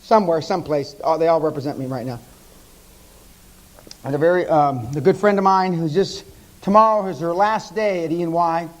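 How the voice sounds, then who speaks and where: A man's voice: fairly high pitch, a little fast, rough recording. An American man in his fifties giving a live seminar talk, telling brash stories laced with profanity. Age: 50s. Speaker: seminar speaker.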